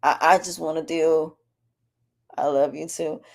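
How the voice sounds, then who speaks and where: Her voice sits low and gravelly, with a level tone and a slightly slow pace. She's a podcast host describing her sore, swollen throat in a candid, rambling monologue about her health, full of restarts.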